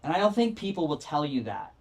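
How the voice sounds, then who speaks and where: A middle-aged man appears as a podcast guest, speaking quickly in a somewhat high voice. He tells his story candidly and animatedly, rambling and correcting himself as he goes.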